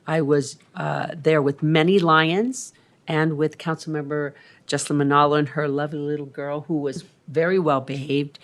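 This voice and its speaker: At a meeting in the council chamber, a deep-voiced woman in her sixties who sits on the city council gives a rambling, chatty report full of ums.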